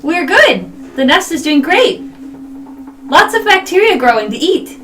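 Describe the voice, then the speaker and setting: Woman putting on a high-pitched beetle voice, curious, simple-minded, tabletop game, distant mic. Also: very animated, unhurried, fairly bright tone, a little hiss or hum, full character voice. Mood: chirpy. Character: curious, chirpy giant beetle from a nest.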